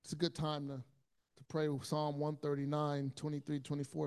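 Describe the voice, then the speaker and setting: Male pastor, high-pitched voice, stammering sermon delivery with big swings in loudness. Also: completely flat delivery, moderate pace, clear, resonant tone. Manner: stammering restarts, swings from loud pleading to soft hush.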